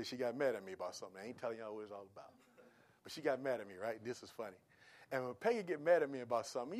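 A man preaching a sermon in a casual, animated way, swinging from soft asides to loud exclamations. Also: fairly high pitch. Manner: casual conversational with laughs. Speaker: pastor.

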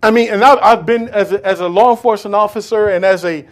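A pastor preaching a sermon, swinging from hushed lines to loud bursts and acting out scenes from scripture. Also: male voice, high voice, fairly even intonation, fast talker. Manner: acts out dialogue with Bible figures.

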